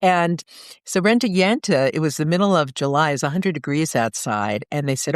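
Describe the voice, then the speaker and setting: An older woman with a New York accent, telling lively stories as a guest in an interview and acting out the people in them. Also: low voice, normal speed, dry recording, clean studio sound. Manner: lively storyteller, acts out voices. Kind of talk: storytelling interview.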